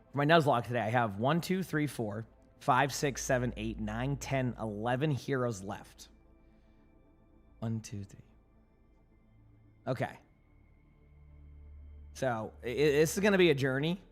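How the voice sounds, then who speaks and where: Slightly hoarse streamer chatting easily. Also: male voice, mid-range voice. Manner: relaxed and rambling, answering chat questions with fillers and restarts. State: yawning, sleepy. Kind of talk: casual chat with viewers.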